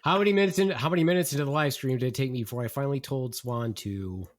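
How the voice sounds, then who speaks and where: A man's voice: mid-range voice, racing, a little hiss or hum. Teasing man podcast host. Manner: teasing, mock-grand announcing. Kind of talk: casual livestream banter.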